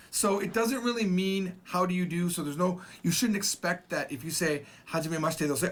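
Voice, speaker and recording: A man teaching a recorded Japanese lesson, explaining slowly and repeating phrases, with casual asides. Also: high voice, a bit bright. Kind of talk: recorded video language lesson.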